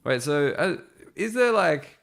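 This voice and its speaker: A man's voice: fairly high pitch, very animated, takes it slowly, vocal fry, fairly bright tone. Brief: Australian man, easygoing podcast host, jokey banter. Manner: laid-back, joking, says mate. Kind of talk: casual podcast chat.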